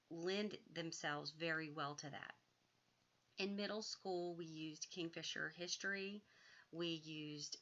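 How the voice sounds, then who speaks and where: Low bright-toned woman, lo-fi sound. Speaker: author and educator. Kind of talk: homeschool advice monologue.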